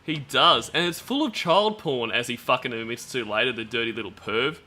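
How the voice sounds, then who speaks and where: A medium-pitched man speaks briskly in a pushed, bright voice on a stream. He reads out chat logs and reacts to them with blunt, swearing, disgusted commentary.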